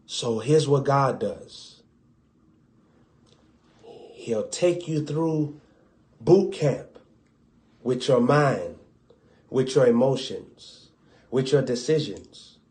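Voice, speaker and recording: A man with a Southern US accent preaching a sermon, swinging between loud exhortation and hushed low asides and acting out little dialogues. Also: lively intonation, extremely slow, pauses often.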